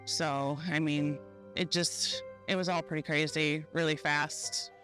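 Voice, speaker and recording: A woman giving a documentary interview as a survivor, retelling events in a halting, measured way with frequent fillers. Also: deep voice, level tone, fairly bright tone, soft background music. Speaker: shooting survivor recounting events.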